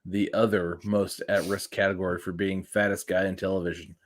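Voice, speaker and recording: A man's voice: low-pitched, flat delivery, brisk. A man co-hosting a casual podcast, brash and joking, throwing out exaggerated threats. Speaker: podcast co-host. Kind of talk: casual chat.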